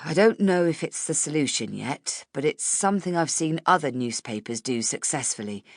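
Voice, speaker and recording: Woman voicing an earnest young man, careful and formal, low pitch, audiobook. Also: lively intonation, normal speed, dry recording, clean studio sound.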